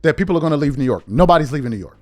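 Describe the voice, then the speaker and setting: A man's voice: a little high, expressive, racing, faint music behind. A man hosting a podcast, delivering an exasperated opinion rant full of repeated rhetorical questions. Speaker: podcast host.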